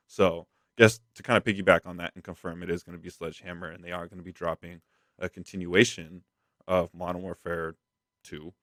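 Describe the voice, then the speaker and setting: Male podcast co-host, deep voice, dry close sound, casual filler-heavy delivery. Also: no echo. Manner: rambling, filler-heavy, reads news aloud. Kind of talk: casual gaming podcast chat.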